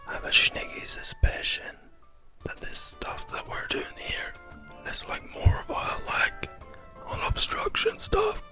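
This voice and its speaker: A man whispering secretively in a hushed aside, as whispered role-play. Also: a little slow, soft background music. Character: conspiratorial male whisperer.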